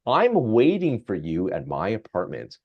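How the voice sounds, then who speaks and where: A man's voice: lowish voice, huge pitch swings, a little slow, muffled recording, full character voice. A man putting on a flirty female chatbot.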